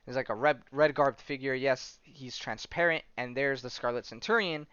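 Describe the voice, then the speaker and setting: A man's voice: medium pitch, normal speed, fairly bright tone, smooth, no room sound. A man hosting a podcast, casually retelling comic stories, rambling with many fillers and restarts and the odd swear word. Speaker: podcast host. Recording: dull lo-fi sound.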